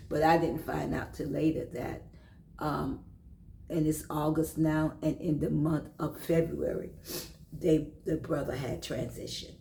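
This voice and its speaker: In a rough recording with some reverb and slight background noise, a woman with a low, warm voice recounts a devotional story. She's emotional and repetitive, slipping into whispers now and then.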